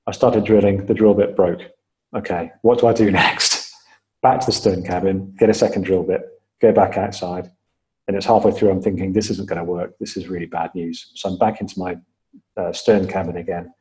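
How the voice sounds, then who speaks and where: A man with a low-set, warm and mellow voice, speaking as a podcast guest. He tells his story in a measured, step-by-step way, with plenty of "um"s. He repeats key phrases to stress them. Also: rough recording. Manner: measured, step-by-step retelling with frequent fillers. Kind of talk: storytelling in an interview.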